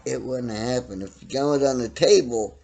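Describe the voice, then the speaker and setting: A middle-aged man ranting his opinions bluntly and profanely, swinging from loud outbursts to low mutters. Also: brisk, gravelly, slightly rough. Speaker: vlogger ranting to camera.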